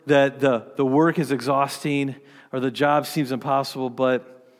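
A man's voice: mid-range voice, steady tone, a little slow, long reverb tail. A man preaching a sermon, earnest and conversational, often restarting his sentences as he explains. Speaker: pastor.

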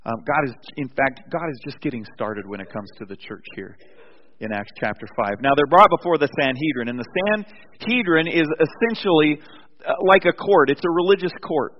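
A man's voice: a little high, normal speed, a little hiss or hum. Man preaching a sermon, hall echo. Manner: animated storytelling, frequent restarts. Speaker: pastor. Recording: dull recording with long hall reverb.

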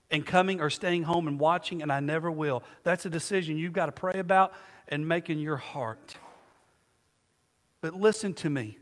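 Preaching in a high, slightly bright voice, a male pastor repeatedly leaves his sentences open for the congregation to complete. It's call-and-response style, captured with long reverb from the hall.

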